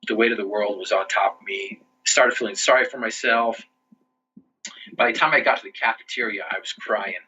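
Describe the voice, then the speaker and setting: A man recounting his life on a podcast interview, earnest and unpolished, restarting his phrases often. His voice is very bright but husky. The audio sounds muffled and lo-fi. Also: medium pitch. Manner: earnest, with frequent restarts and "you know". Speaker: interview guest.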